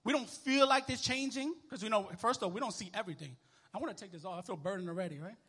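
A male minister preaches in an easy, conversational way, breaking into lively bursts as he works the room. His voice sits high and sounds bright and forceful. He keeps tossing questions back to his congregation. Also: fast, husky. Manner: animated, conversational preaching with sports illustrations and call-and-response. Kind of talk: sermon. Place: church.

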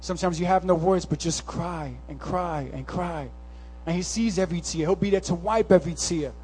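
A man preaching a sermon, swinging from impassioned, near-shouted calls to hushed, conversational storytelling. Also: high voice, normal speed, husky. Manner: impassioned, rising to near-shouts, then softening to a hush; casual, conversational storytelling with slang.

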